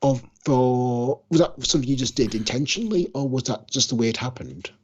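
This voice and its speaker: A man's voice: mid-range voice, a little fast, breathy edge. A man co-hosting a podcast, chatting casually with enthusiasm and asking the guest questions. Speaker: podcast co-host. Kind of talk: casual chat. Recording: muffled lo-fi audio.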